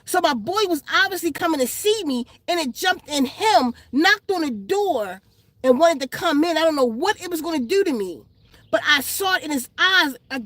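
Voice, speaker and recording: A woman's voice: high-pitched, expressive, moderate pace, a bit bright, dry recording. A woman vlogger telling a story in casual, blunt, profane street slang, outdoors in the sun.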